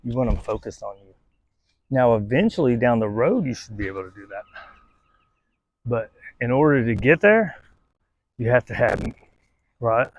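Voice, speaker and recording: A man's voice: mid-range voice, expressive, normal speed, pauses often, muffled recording. A man, a dog trainer, giving casual, conversational training advice outdoors and often checking in with "right?". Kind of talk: casual instructional talk.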